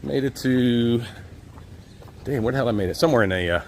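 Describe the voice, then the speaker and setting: A man's voice: mid-range voice, fairly quick, a little hiss or hum. Chatty man streaming on a street walk. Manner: relaxed, chatty, laughs often, reads chat aloud. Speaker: live-stream host. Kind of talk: casual walk-and-talk live stream. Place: outdoors on city streets, walking.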